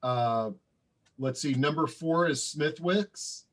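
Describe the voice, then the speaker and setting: Man hosting a quiz, halting and friendly. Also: fairly high pitch. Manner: hesitant, many fillers, friendly. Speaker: co-host running the slideshow and quiz. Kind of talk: casual hosting on a video call. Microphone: video call.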